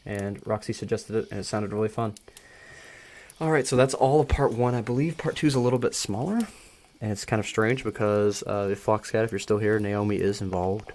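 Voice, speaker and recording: A man hosting a live reading, excitable and chatty, often breaking into giggles between narrating. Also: fairly low pitch, brisk, slight background noise. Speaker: host reading a story aloud. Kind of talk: live casual reading with chat.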